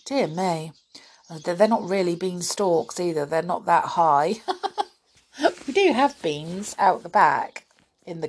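A woman reading a children's storybook aloud, unhurried, breaking off for chatty asides to her listeners. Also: lowish voice, slightly rough.

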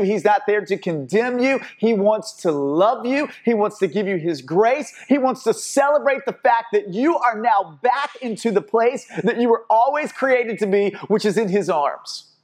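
A man preaching a sermon with impassioned delivery, repeating words and restarting phrases, swinging between loud exhortation and quiet intensity. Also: high voice, expressive, moderate pace, breathy edge.

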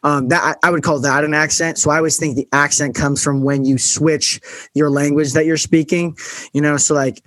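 A man's voice: a little high, flat delivery, a bit bright, no echo. American man musing in a casual interview. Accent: American, West Coast. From United States. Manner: musing, drawn-out questions with many fillers.

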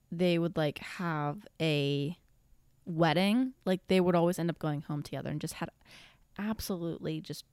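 A woman's voice: lowish voice, no room sound, clean studio sound. A woman vlogger giving casual tier-list commentary, rambling, blunt and profane.

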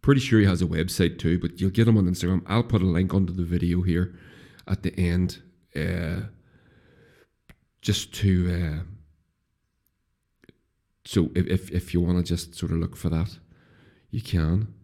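A man's voice: low-pitched, steady tone, measured pace, creaky, long pauses, mellow. A middle-aged man with a Northern Irish accent, hosting a casual solo podcast, rambling with restarts and swearing freely. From Northern Ireland. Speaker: podcast host.

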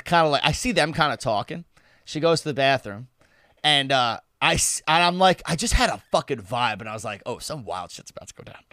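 Guy spinning a party story, lively voice jumping up and down, dry close mic, laughs a lot. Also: on the high side, no room sound. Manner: animated, laughing, swears freely. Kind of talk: casual storytelling chat.

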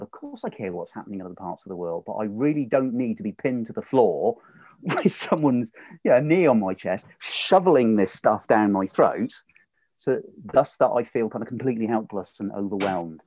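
A man in a casual podcast chat, animated and laughing often, acting out the voices he quotes. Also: on the low side, brisk, no room sound. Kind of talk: casual conversation.

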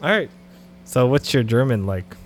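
A man co-hosting a podcast in casual banter, joking and quick to laugh. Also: mid-range voice, very animated, a little hiss or hum. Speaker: podcast co-host.

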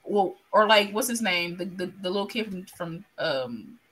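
A woman's voice: lowish voice, expressive, normal speed, fairly bright tone. A woman on a movie podcast panel, playful and emphatic in casual chat.

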